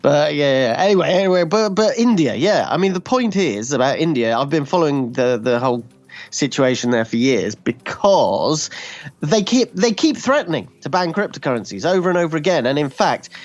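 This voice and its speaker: A man's voice: fairly high pitch, sing-song, normal speed, no room sound, dull audio. A man talking as a podcast guest in casual chat, wry and opinionated, explaining his views at length. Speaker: guest commentator.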